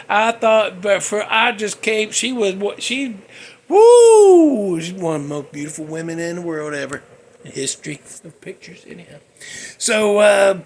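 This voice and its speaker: A man's voice: high voice, creaky, fairly bright tone, slight background noise. A man hosting a casual, rambling talk about movies, with a folksy manner. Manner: rambling, folksy, puts on voices for characters. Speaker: host.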